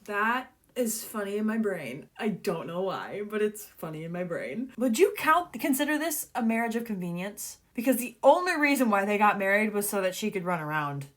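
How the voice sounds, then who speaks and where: A woman's voice: medium pitch, very animated, moderate pace, hardly any pauses. A woman reading a novel aloud in a casual vlog, breaking off to react, giggling and gushing over the characters. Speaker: book reader and reactor.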